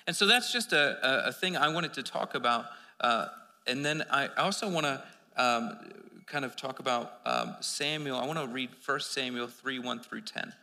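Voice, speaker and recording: A man delivers a sermon in a loose, rambling storytelling way, often restarting his sentences. His voice is gravelly and very bright, with a sharp edge. It carries a long reverb from a large hall. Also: mid-range voice, normal speed. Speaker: preacher.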